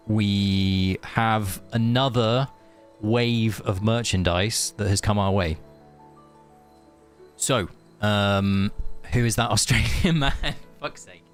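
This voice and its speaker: A young man streaming a game, chatting loosely with viewers and thinking aloud, with lots of fillers and restarts. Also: fairly low pitch. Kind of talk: casual live-stream chat.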